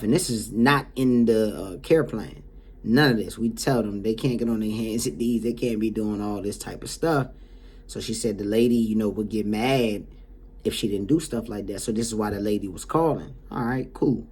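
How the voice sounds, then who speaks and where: A man's voice: lowish voice, moderate pace, husky. A man who runs a home care agency, casually and heatedly telling a story about a client. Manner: animated, heated retelling.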